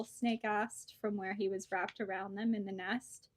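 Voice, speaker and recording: A woman bookseller reading a children's storybook aloud with lively, expressive storytelling. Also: medium pitch, measured pace.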